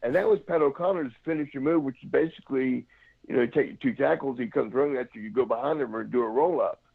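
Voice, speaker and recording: A man's voice: medium pitch, fast talker, vocal fry, breathy edge, dry recording. A man, a former pro wrestler, telling rambling stories in a casual interview and imitating the people in them, heard over a phone line. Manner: rambling anecdotes, imitates others.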